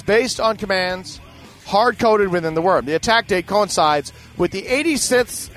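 A man's voice: high-pitched, fairly bright tone. A man reading tech news aloud and breaking off into profane, sarcastic asides as a podcast host.

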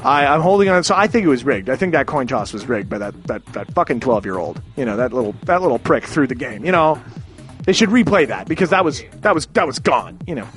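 A man's voice: mid-range voice, sing-song, fast talker, a bit bright, faint music behind. A man from Canada ranting in a rambling, profane way, with many restarts and sudden exclamations. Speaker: ranting commentator.

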